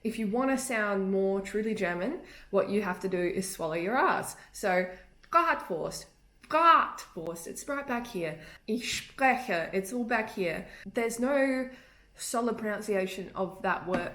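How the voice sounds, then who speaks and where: A woman's voice: medium pitch, unhurried. A young woman, a native English speaker, giving casual spoken tips on pronunciation in a chatty way and laughing easily. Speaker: language tips vlogger. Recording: echoey room.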